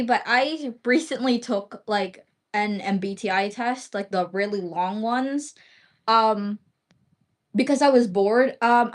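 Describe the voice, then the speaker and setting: Young woman streamer, slightly high voice, loose rambling chat, lots of filler words. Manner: rambling, heavy use of "like" and "um" fillers. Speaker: livestream host. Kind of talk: casual livestream chat.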